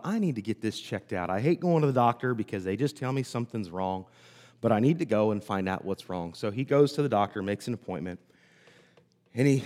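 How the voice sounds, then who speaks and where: A man preaching a sermon, telling a story in a conversational way and pausing often. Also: medium pitch, darkish tone. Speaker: pastor. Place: church sanctuary. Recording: hall reverb.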